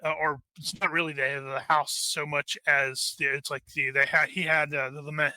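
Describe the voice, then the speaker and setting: Bright-voiced game master narrating. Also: male voice, on the high side, level tone, normal speed, no room sound. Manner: loose, rambling with many fillers.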